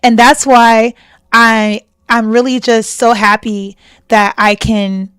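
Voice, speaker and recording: A woman's voice: fairly high pitch, no echo, clean studio sound. Gushing young woman live streaming to chat. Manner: effusive, gushing, laughs often.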